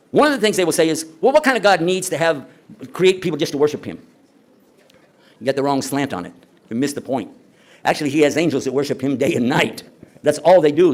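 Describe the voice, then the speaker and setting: Man, religious lecturer, fairly high voice, lively and animated delivery, chatty with the crowd. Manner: conversational, rhetorical questions to the audience; acts out quoted speakers. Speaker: Islamic lecturer. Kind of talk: conference lecture.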